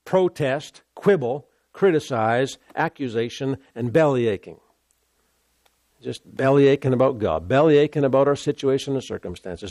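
A man preaching a sermon, emphatic and repetitive, pausing to stress his points. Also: mid-range voice, darkish tone, no room sound.

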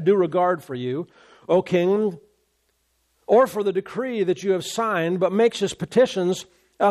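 A man's voice: sits high, darkish tone. A man preaching a sermon. He reads a scripture story aloud and breaks off into casual asides about it. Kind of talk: sermon, reading scripture and commenting.

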